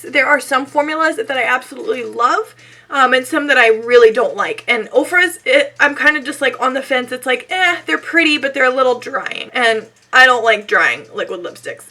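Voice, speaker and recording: Young female beauty vlogger, high and bright but hoarse and scratchy from illness; casual, chatty tutorial delivery. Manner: chatty, self-deprecating, frequent "like". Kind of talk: casual makeup tutorial chat.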